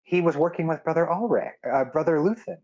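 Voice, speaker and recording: A man's voice: on the high side, a little fast, darkish tone, dull audio, voice pushed up. A man voicing a stern woman captain of the town guard who barks orders.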